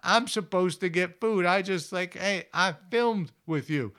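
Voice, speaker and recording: A pushy, hungry tom turkey, indignant that nobody has fed him, as a man puts him on. It sounds like a storyteller's own fairly high male voice, lightly acted. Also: unhurried, sharp tone, clean tone.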